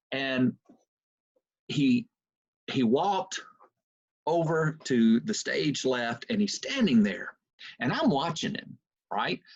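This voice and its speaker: A man giving a lecture on a video call, telling stories in an animated, conversational way with many fillers. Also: mid-range voice, slightly rough, dry recording. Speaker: university lecturer. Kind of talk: storytelling lecture. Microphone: computer mic on video call. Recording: muffled Zoom audio.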